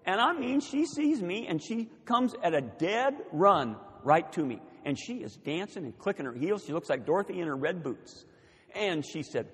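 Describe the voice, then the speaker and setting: High-voiced older pastor preaching. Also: male voice, normal speed, slightly rough. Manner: animated storytelling, building to loud emphatic peaks. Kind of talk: sermon. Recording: long reverb of a church hall.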